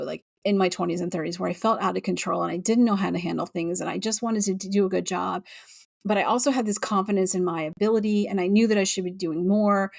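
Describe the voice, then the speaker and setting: A woman's voice: medium pitch, vocal fry, dry recording, studio quality. A woman in her forties, a podcast host, speaking candidly and frankly in a rambling personal monologue with frequent fillers and restarts, near tears at times and swearing freely.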